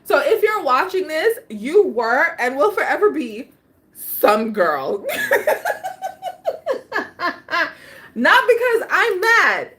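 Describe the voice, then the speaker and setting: A woman hosts a casual livestream and tells a personal story full of slang and frequent laughter. Her voice sits high and swoops all over the place. She takes her time with every line. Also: sharp tone. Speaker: livestream host.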